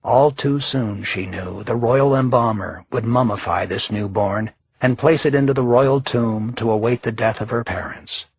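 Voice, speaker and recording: Male audiobook narrator, measured delivery, very husky voice, slightly dull recording. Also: medium pitch, no echo. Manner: measured, even storytelling. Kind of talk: scripted narration.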